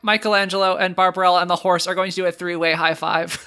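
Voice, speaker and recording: A player calmly describing their character's actions in a comedy role-play. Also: mid-range voice, fast talker, smooth. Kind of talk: casual role-play narration.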